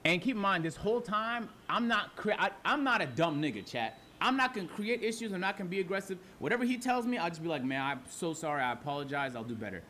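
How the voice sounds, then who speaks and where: A young man telling a story to his live chat as a streamer, animated and profane, acting out his own replies in a hushed voice. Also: sits high, fast talker, hardly any pauses, a little hiss or hum. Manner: animated, profane, talks to chat, acts out his side quietly.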